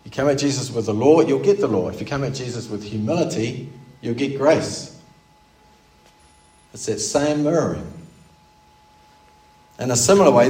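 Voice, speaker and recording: A man's voice: mid-range voice, darkish tone. A man preaching a sermon in an earnest, explaining way, asking his listeners questions. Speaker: pastor. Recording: roomy, from a distance.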